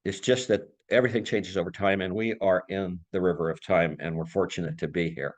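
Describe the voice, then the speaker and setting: A man's voice: deep voice, fairly even intonation, brisk. A man giving an informal talk over a video call, rambling and teasing in a jokey way. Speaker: lecturer.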